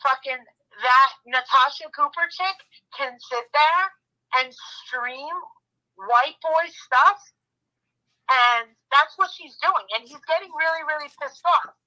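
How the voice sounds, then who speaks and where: A woman's voice: sits high, slow, bright, forceful tone, rough recording. A woman YouTuber chatting casually, retelling events in a rambling, blunt way with lots of restarts and some swearing. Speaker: true-crime YouTuber. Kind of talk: casual chat.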